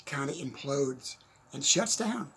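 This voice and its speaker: A man talking casually into the camera from his desk at home, giving unscripted motivational advice, chatty and quick to laugh. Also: mid-range voice, lively intonation, vocal fry, a bit bright, slight background noise. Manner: chatty, laughs often, repeats "okay?". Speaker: motivational speaker.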